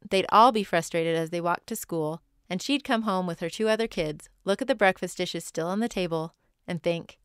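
A woman's voice: lowish voice, moderate pace, few pauses, clean tone, dry recording, studio quality. A woman hosting a podcast, reading other mothers' stories from a script and adding her own asides. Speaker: podcast host. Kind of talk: scripted narration.

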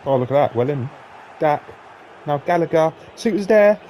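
A man giving live, sweary commentary on his own football video game, jumping between excited shouts and flat grumbling. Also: a little high, moderate pace, a little hiss or hum. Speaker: gaming YouTuber.

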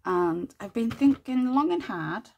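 A woman hosting a casual crafting tutorial, chatting and thinking aloud as she works, with quiet muttered asides to herself. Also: a little high, expressive, a little slow. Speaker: craft channel host.

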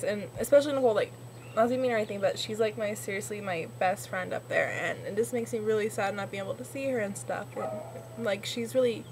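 A woman's voice: medium pitch, background noise. A young woman from Northern California talking to her computer webcam, rambling and emotional, full of fillers. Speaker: vlogger. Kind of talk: casual webcam vlog.

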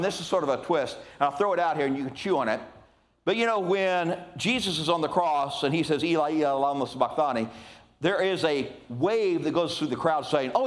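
An older man preaching a sermon in a lively, conversational way, with frequent asides to the congregation. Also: fairly high pitch.

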